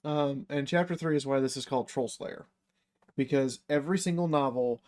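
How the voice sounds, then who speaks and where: A man's voice: medium pitch, normal speed, a little mellow. A man on a casual podcast, talking enthusiastically about a book and swearing casually.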